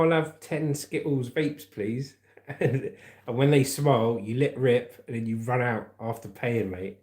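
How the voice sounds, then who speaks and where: A man's voice: mid-range voice, dark tone, echoey room. A man hosting a casual livestream, chatting cheekily and laughing as he reads out viewer comments and news stories. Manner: chatty and cheeky, laughing at his own jokes. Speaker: livestream host.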